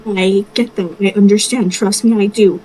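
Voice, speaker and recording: A woman voicing a level-headed companion in a tabletop game, firm and soothing, repeating herself to calm someone. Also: mid-range voice, normal speed, a little hiss or hum, lightly acted, low-quality recording. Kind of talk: tabletop role-play.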